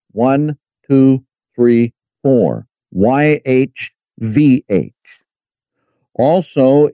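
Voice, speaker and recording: A man teaching a Bible study lesson, speaking deliberately and spelling words out letter by letter. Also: medium pitch, no echo, muffled recording.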